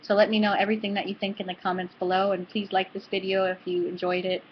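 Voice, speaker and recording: A woman hosting a book club video, reading aloud and then talking to her viewers in an earnest, chatty way. Her voice sits at a middle pitch. The recording is a little dull and lo-fi, with faint hiss underneath. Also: level tone, fast.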